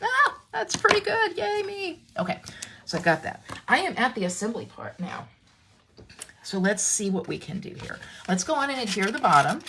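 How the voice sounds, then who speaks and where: Working through a live craft demo, this woman talks to her viewers, reads their comments, and keeps interrupting herself to restart sentences. Her medium-pitched voice moves briskly with big pitch swings, and there's background noise.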